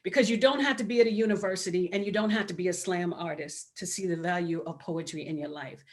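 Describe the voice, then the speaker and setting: Excitable woman hosting a talk show. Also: lowish voice. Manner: effusive, excitable, drawn-out welcomes. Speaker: host. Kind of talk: enthusiastic show intro and interview.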